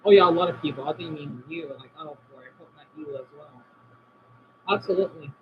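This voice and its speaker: A man chatting casually on a live stream from home, answering viewers' comments and often trailing off quietly. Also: a little high, fairly quick, a little hiss or hum. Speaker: livestream host reading chat. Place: indoors at home by a window. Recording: dull lo-fi stream audio.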